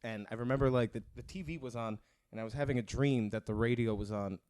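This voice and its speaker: A male comedian, a guest on a podcast, tells a loose, rambling story in casual chat. He peppers it with "like" and slips into quoted voices of the people involved. His voice sits at an ordinary pitch for a man. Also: fast talker, darkish tone, clean tone. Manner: rambling anecdotes full of "like" and mimicked quotes.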